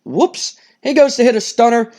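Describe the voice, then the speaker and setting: A man calling the action of a wrestling simulation game as play-by-play, excitable, repeating phrases and swearing when surprised. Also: extremely high pitch, normal speed. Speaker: gaming channel host.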